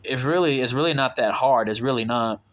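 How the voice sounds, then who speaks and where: A young man talks straight to his viewers in a loose, rambling way. He piles up fillers and restarts and keeps dropping irritated asides. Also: fairly quick. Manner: voices his own quoted retorts in a sharply raised pitch. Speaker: vlogger telling a work story. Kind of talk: casual storytelling to viewers.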